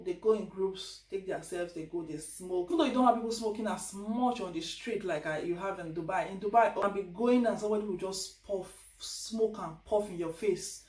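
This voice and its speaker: A Nigerian woman casually giving advice in a vlog, chatty and animated, often acting out what others say. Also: medium pitch. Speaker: vlogger. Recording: echoey room, distant mic.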